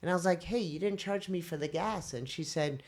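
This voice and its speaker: Podcast host, woman, casual animated storyteller who acts out voices. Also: fairly low pitch, fairly quick. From India.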